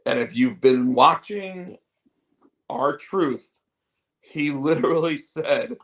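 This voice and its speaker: A man's voice: fairly high pitch, takes it slowly, a bit bright. A man hosting a show, chatting casually in a rambling, opinionated way. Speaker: show host. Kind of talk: casual wrestling chat.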